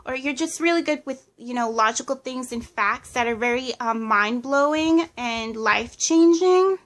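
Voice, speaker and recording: A woman with a fairly high voice talks through a tarot reading. She lists impressions as they come, pausing and hedging with plenty of fillers. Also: fairly bright tone. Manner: hesitant, channeling impressions, many fillers. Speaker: tarot reader. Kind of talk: casual pick-a-card reading.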